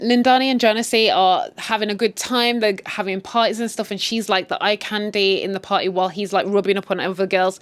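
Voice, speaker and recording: A woman retelling a drama series in an animated, chatty way, adding her own commentary. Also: brisk, hardly any pauses. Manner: animated, chatty, swings in pitch for emphasis. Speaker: storyteller. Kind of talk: casual story retell with commentary.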